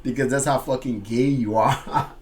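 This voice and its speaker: A man hosting a music reaction, explaining lyrics line by line in casual, slangy talk with loud excited outbursts. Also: mid-range voice, measured pace, background noise.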